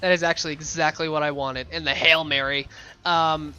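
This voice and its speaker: A man's voice: a little high, level tone, brisk, bright, forceful tone, lo-fi sound. A man giving casual, playful commentary while playing a video game, chatty and rambling. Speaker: let's play gamer.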